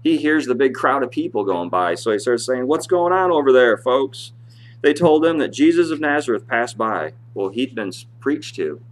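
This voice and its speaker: A man's voice: very animated, normal speed, hardly any pauses. Impassioned male preacher reading scripture. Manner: impassioned preaching, reads scripture aloud in a rising voice and drops low to explain. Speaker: pastor. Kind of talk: sermon. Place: church.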